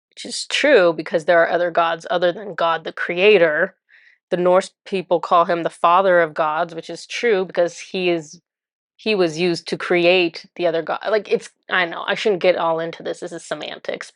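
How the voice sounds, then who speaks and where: A woman with a lowish voice recounts her spiritual experience in a loose, chatty way. She says "like" and "um" all the time. Her voice sounds close and dry, with no room around it. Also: no room sound. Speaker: spiritual channeler. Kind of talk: casual first-person storytelling.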